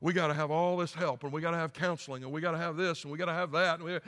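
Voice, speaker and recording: A man's voice: a little high, steady tone, very fast, a bit bright, lightly acted. A man voicing a panicked churchgoer who pleads with his pastor for help in a whiny, breathless rush. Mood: pleading, panicked. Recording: echoey church hall.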